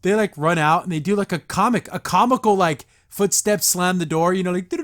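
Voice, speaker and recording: A man's voice: high voice, brisk, a bit bright. A man hosting a podcast, recapping and reacting to a cartoon episode in a sarcastic, exasperated rant.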